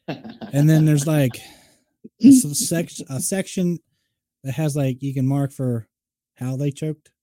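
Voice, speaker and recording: A male podcast co-host with a deep, mellow tone, recorded dry and close. He laughs easily and stumbles through his words in relaxed banter. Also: takes it slowly, long pauses, dry recording. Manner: laughing often, hesitant.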